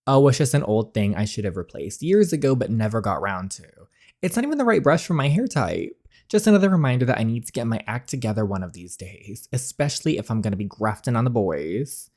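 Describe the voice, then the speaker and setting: A man's voice: medium pitch, big pitch swings, brisk, darkish tone. A man voicing a frazzled but kind young woman in a dating game, talking in an apologetic, flustered way.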